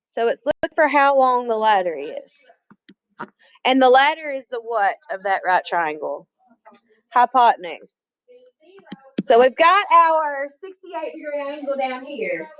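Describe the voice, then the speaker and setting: Casting: woman math teacher, somewhat high voice, chatty, quizzes the class. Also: no echo, poor audio. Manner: chatty, asks the class questions, addresses students as y'all. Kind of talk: classroom lesson.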